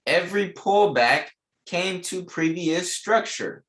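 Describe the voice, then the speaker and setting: A man's voice: high-pitched, animated, slow pace, a bit bright. A young man teaching a live online trading class, repeating key lines with emphasis and casual slang. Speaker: trading instructor.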